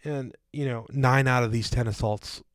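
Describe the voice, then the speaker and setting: A man's voice: medium pitch, fairly even intonation, normal speed, no room sound. Rambling man co-hosting a podcast. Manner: rambling, lots of fillers and restarts; casual, calls listeners "guys" and "dude". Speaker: podcast co-host. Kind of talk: casual podcast discussion.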